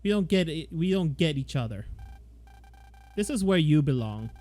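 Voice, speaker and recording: A man's voice: fairly high pitch, expressive, normal speed, mellow, close to an everyday voice. A man voicing a cold, proud loner boy who talks curtly and with scorn. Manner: scornful and curt.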